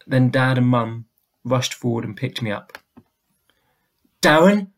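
Male reader, steady deliberate story narration. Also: mid-range voice. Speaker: audiobook reader. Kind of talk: storybook reading.

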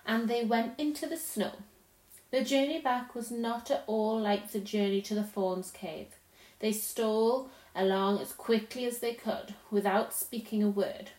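A woman narrating a storybook in a calm, measured reading voice. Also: medium pitch. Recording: roomy echo.

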